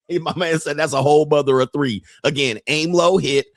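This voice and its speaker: A man's voice: mid-range voice, husky, no room sound. A man talks, riffing over clips he is watching. He is blunt and profane, mocking and laughing as he goes, with a mid-range voice. The sound is dry and close, with no room around it. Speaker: streamer reacting to pickup videos. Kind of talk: casual reaction commentary.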